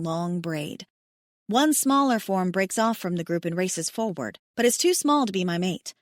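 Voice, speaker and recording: A woman narrating a first-person romance audiobook in an expressive, intimate manner. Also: mid-range voice, dry recording, clean studio sound.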